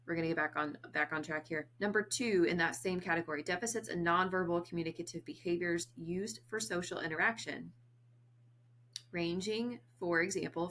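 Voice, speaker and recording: A woman's voice: on the low side, bright, forceful tone. A woman in her thirties, a behavior analyst, explaining autism in a chatty, casual way, laughing often and acting out little dialogues.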